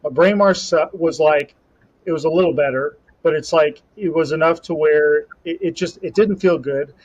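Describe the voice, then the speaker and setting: A young man on a podcast, casually telling a rambling, animated story about a competition. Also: fairly high pitch, moderate pace. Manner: rambling, animated storytelling with self-talk asides. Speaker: podcast co-host and Highland Games athlete. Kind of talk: casual chat. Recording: slightly dull lo-fi audio.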